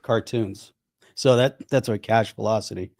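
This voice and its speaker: A man's voice: lowish voice, steady tone, normal speed, darkish tone, no echo, clean studio sound. A man co-hosting a podcast in casual chat, talking bluntly and emphatically, often restarting and repeating himself. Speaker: podcast co-host.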